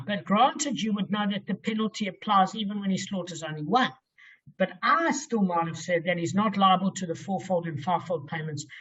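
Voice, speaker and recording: A man's voice: high voice, dull audio. A man teaching a Talmud passage, working through the reasoning step by step and often checking in with "okay?". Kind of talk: explaining a Talmud text aloud.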